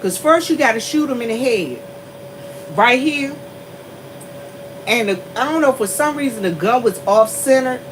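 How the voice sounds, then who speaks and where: A woman telling a story to her viewers in a casual, animated way. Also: moderate pace, long pauses, a little hiss or hum, poor audio. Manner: animated, laughing often, shifts into high squeals. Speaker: vlogger.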